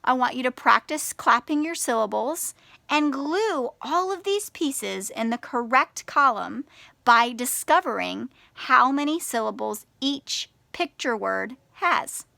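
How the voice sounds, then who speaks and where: A female teacher talks young children through a lesson at a very slow, deliberate pace. Her voice is bright and a little high. She draws words out syllable by syllable, on a dry close mic. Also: lively intonation, no room sound. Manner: slow, clear and encouraging, stretching out words syllable by syllable.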